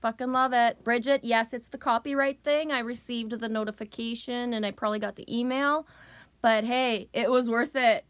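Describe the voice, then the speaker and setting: A woman's voice: a little high, fairly even intonation, normal speed, a bit bright, no echo. A middle-aged woman chatting casually on a live stream, loose, profane and rambling as she greets viewers.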